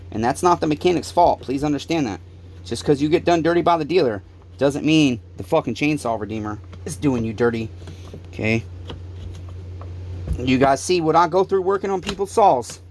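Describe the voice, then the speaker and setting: With slight background noise behind him, a man with a slightly high voice rants angrily to the camera about his small-engine repair shop. He's profane, pleading, and repeats himself often.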